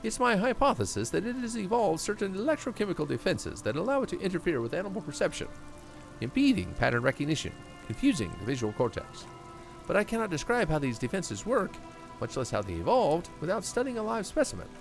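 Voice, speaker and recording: A man's voice: high-pitched, huge pitch swings, fast, creaky, faint music behind, voice pushed up, heavily acted. A man voicing an earnest male cryptozoologist, lecturing in a raised, eager voice.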